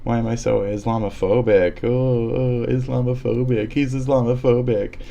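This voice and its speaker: This man's mid-range voice is creaky and mellow, with a steady tone and moderate pace, though the audio sounds dull. He's streaming a demo of an editing program, rambling, cursing and mocking sarcastically as he trails off into mutters.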